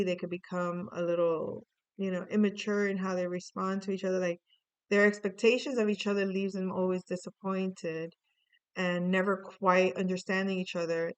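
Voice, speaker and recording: A woman's voice: fairly low pitch, clear, resonant tone, muffled recording. A woman doing a casual tarot reading, rambling with lots of fillers and restarts, swearing now and then. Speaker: tarot reader.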